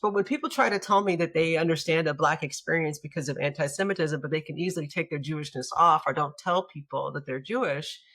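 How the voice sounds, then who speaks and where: A woman rabbi from the United States, speaking as a guest in a conversational interview, reflective and full of restarts, growing animated when she tells a story. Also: low-pitched, fast, few pauses.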